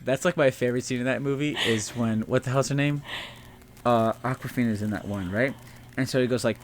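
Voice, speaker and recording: A man's voice: medium pitch, normal speed, pauses often, slight background noise. A man co-hosting a casual comedic history podcast, swearing a lot and acting out historical figures in goofy voices. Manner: profane, animated, acts out characters in goofy voices. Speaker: podcast co-host.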